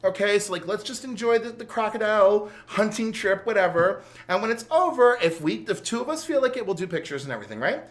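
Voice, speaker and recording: A man doing an excited high-pitched celebrity. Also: fast, hardly any pauses. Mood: placating. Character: excited male celebrity pleading with his wife.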